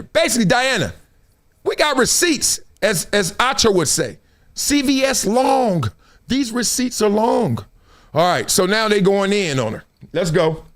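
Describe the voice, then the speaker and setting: A middle-aged man hosting a live sports talk stream, slangy and animated, acting out quotes as he tells stories. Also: high voice. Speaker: host.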